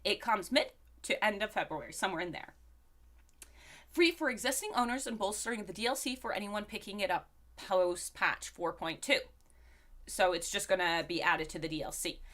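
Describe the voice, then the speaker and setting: A sick woman game streamer chats casually on a live stream in a medium-pitched, slightly bright voice. She greets her viewers one at a time in a bouncy manner.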